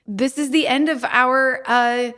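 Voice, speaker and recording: A woman's voice: high-pitched, fairly even intonation, takes it slowly, a bit bright. A woman co-hosting a podcast in casual chat, bubbly and giggly. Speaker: podcast co-host.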